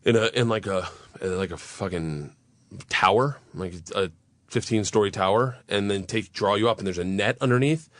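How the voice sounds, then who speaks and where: A man's voice: lowish voice, normal speed, no room sound. A man in his thirties telling a wild story on a radio talk show, swearing freely and acting out the voices of the people in it. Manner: animated, swearing, acts out voices in his stories. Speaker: guest storyteller.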